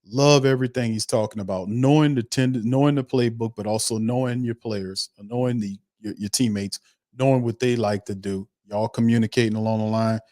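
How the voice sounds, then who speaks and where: A man's voice: mid-range voice, steady tone, fairly quick, darkish tone, no room sound, studio quality. A man hosting a football commentary show, talking emphatically and repeating himself, often tagging sentences with "man". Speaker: sports commentary host. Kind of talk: casual commentary on a played interview clip.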